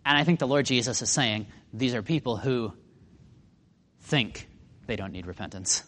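A man's voice: medium pitch, moderate pace, a bit bright, in a large hall. A man teaching a Bible lesson in a conversational way, putting questions to his listeners.

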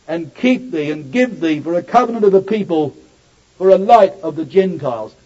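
High-voiced man preaching a sermon, lo-fi. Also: expressive, normal speed, a little mellow. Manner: earnest, rising to emphatic peaks on scripture; addresses listeners as brothers and sisters. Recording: dull lo-fi recording.

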